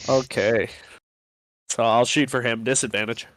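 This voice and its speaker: A man's voice: medium pitch, steady tone, measured pace, fairly bright tone, dry recording. A man playing in a tabletop game, swearing in mock rage and chatting casually. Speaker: player.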